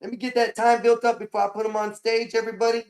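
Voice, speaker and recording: A man with a high, emphatic voice hosts a casual livestream, speaking. He scolds and lectures his guest in a preachy way and repeats himself for weight. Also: little pitch movement, quick pace, a little mellow. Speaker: livestream host.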